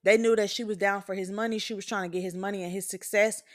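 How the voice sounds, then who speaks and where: A woman's voice: mid-range voice, fairly even intonation, fast talker. A woman in her twenties hosting a show, giving a candid, blunt and profane opinion monologue. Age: 20s. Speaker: podcast host.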